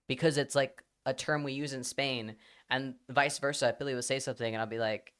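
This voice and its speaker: A young man with a smooth, resonant voice chats casually on a livestream at a middle pitch. He rambles and fills gaps with ums and likes, swears now and then, and picks up energy as he goes. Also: fairly even intonation, moderate pace, a bit bright. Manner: rambling, with frequent fillers and swearing.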